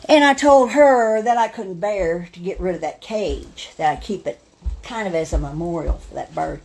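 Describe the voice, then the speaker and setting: A woman's voice: on the low side, expressive, normal speed, creaky, darkish tone, slight background noise. Blunt, chatty older woman from New York. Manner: chatty and blunt, talking to viewers by name. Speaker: vlogger. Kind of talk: casual home tour vlog. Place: her house and front yard, in and out of doors.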